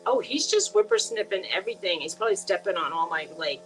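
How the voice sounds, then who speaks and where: A middle-aged woman hosting a casual live-stream chat with a friend, talking in a chatty, animated way. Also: mid-range voice, quick pace, soft background music, poor audio. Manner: chatty and animated, swears and laughs easily. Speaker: channel host.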